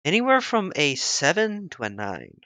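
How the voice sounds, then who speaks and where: A game master voicing a calm, knowing male advisor who speaks in a measured, matter-of-fact way. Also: mid-range voice, no room sound, exaggerated voice.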